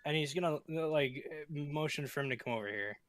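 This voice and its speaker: A man's voice: fairly high pitch, fast talker, fairly bright tone, no room sound. Teasing man at the game table. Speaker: player. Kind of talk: casual game chat.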